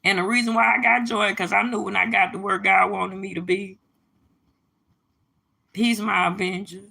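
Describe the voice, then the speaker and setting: A middle-aged woman hosts a casual livestream monologue, her mid-range voice gravelly, pushed and bright, with fairly even intonation at a normal speed. She holds forth emphatically and preachily, talking straight to her viewers in a blunt, profane way.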